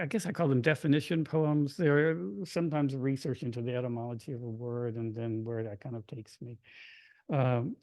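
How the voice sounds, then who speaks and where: At a reading event, a Kentucky poet reads his poems aloud in a hushed, measured manner, breaking between them for brighter, chatty asides to the audience. His voice is mid-range with some vocal fry, and there's no echo.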